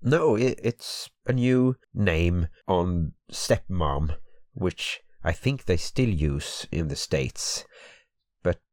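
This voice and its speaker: A man with a Swedish accent, Swedish his first language, co-hosting a podcast in English, groggy from just waking up and halting and hesitant with the language. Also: low-pitched, lively intonation, darkish tone, no echo, studio quality. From Sweden. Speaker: podcast co-host. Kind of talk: casual podcast chat. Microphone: podcast microphone.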